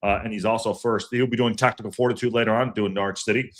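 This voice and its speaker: A man hosts a fan podcast live stream in a relaxed, chatty way. His voice sits a little low. He wanders from point to point, restarts his sentences, fills gaps with ums and uhs, and calls out viewers by name. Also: fast talker. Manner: rambling, repeats himself with many fillers; greets chat viewers by name. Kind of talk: casual livestream chat.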